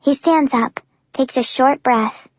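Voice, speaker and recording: High-voiced woman reading intensely. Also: takes it slowly, no echo. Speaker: audiobook narrator. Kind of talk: first-person audiobook narration.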